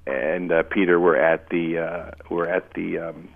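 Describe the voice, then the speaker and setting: A very deep-voiced man chats casually as a podcast co-host. He rambles and stops often, filling gaps with "uh" and "you know". His voice comes through a narrow, tinny phone line. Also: flat delivery, gravelly, dry recording. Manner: rambling, halting, many fillers. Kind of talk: casual chat.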